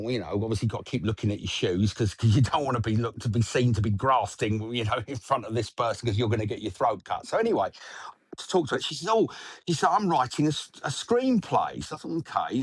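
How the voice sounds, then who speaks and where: A man's voice: medium pitch, slightly rough, no room sound. Man spinning a sweary anecdote. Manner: swears freely, acts out voices in his stories. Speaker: podcast guest. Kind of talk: casual anecdote telling.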